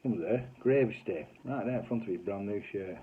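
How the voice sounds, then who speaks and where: With slight background noise and a tinny, phone-like quality, this clip features a fairly low-pitched man speaking at normal speed. He is a middle-aged comedy sitcom writer with a Northern English accent, casually relating funny stories in a broad, chatty way, swearing mildly and acting out voices.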